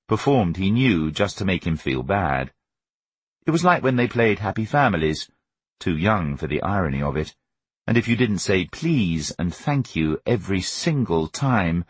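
A man reading a novel aloud as an audiobook narrator, with an expressive, wry storytelling manner. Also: deep voice, breathy edge, no echo. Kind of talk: scripted narration.

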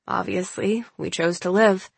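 A woman reading the lines of a shy, guarded young man who has long fended for himself, spoken quietly and hesitantly. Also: medium pitch, steady tone, measured pace, gravelly, breathy edge, dry recording.

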